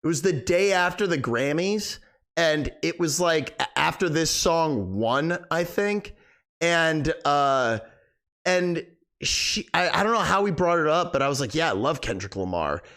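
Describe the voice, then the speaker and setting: Animated male game streamer. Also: fairly high pitch, measured pace. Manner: rambling, animated, thanking viewers. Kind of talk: casual live-stream chat.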